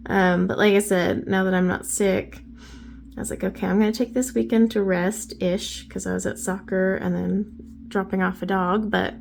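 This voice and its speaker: Chatty woman with a gravelly edge. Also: mid-range voice, a little mellow. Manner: chatty, rambling, many fillers. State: recovering from bronchitis. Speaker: craft YouTuber. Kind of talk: casual chat while painting.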